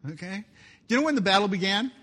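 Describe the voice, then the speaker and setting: Animated, bright-voiced male preacher. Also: high voice, fast talker. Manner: animated, jokey asides, reads scripture aloud. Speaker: pastor. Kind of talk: sermon.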